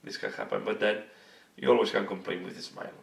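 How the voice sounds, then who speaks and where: A hoarse man hosting a hobby video channel, talking casually and earnestly to camera and searching for his words. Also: lowish voice, big pitch swings, fast talker. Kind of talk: casual vlog talk to camera. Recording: echoey room, mic at a distance.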